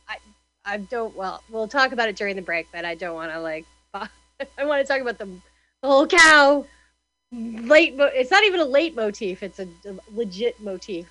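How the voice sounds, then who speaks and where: Woman radio host, casual chat, high bright voice, rambling with fillers. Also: expressive, normal speed, dry recording, muffled recording. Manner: rambling, self-interrupting, many fillers.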